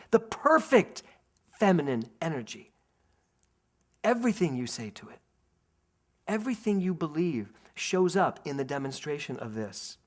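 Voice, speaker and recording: A middle-aged man from delivers a sermon. He tells his anecdotes with lively energy and leans on quieter, slower phrasing when he turns to spiritual teaching. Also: mid-range voice. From Philadelphia, USA. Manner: animated storyteller, laughs through anecdotes, slows to calm spiritual emphasis. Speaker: minister. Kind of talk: sermon with personal storytelling.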